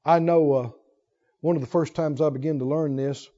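A man with a high voice preaches a sermon, moving between quiet storytelling and loud emphasis. The recording sounds dull and lo-fi. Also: steady tone, moderate pace, long reverb tail. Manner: storytelling, swings between soft low asides and loud emphatic lines.

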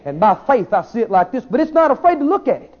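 A man preaching a sermon, swinging between shouted declarations and quiet asides. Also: extremely high pitch, very animated, fast talker. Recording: dull lo-fi sermon recording.

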